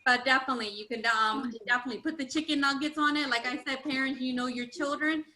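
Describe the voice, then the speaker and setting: High-voiced chatty woman hosting. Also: fairly even intonation, fast, sharp tone, slight background noise, rough recording. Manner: chatty, laughing, talks to parents and kids. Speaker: children's cooking session host. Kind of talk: casual live cooking demo.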